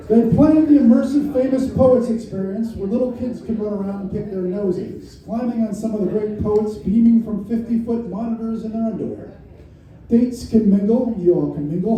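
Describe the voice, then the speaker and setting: A middle-aged man with a New York accent reads his poetry aloud at a live variety show, in a wry, deadpan way with many repetitions. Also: very high-pitched. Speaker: poet reading his work. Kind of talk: spoken-word poetry reading. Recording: very echoey room from far off, faint noise.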